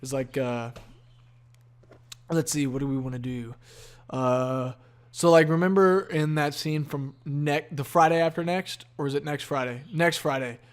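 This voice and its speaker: A man's voice: a little high, fairly even intonation, a little slow, clean tone. Laid-back swearing guy hosting a podcast. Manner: laid-back, profane, meandering stream of consciousness. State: yawning, tired. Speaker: podcast host. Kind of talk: rambling casual solo podcast.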